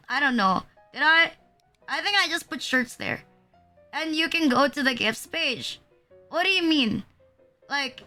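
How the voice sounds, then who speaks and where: A woman's voice: sits high, pushed and bright. A young woman streamer in casual chat, rambling with lots of filler words and casual swearing.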